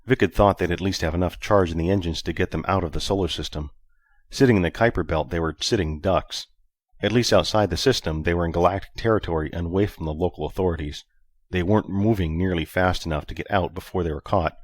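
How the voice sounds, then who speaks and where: A man narrating an audiobook in a steady, even storytelling manner. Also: sits low, brisk, no echo, clean studio sound. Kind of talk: scripted narration.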